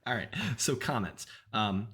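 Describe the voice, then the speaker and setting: A man's voice: fairly low pitch, expressive, a little slow, a bit bright. A man hosting a podcast in loose, casual chat. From United States. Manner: loose and chatty, many "like" fillers. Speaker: podcast host.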